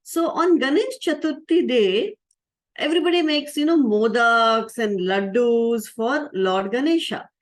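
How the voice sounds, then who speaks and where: A woman spiritual teacher tells a story to a group of children. Her voice is fairly high, and she keeps it lively by asking the kids questions as she goes. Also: measured pace. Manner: lively, asks the audience questions.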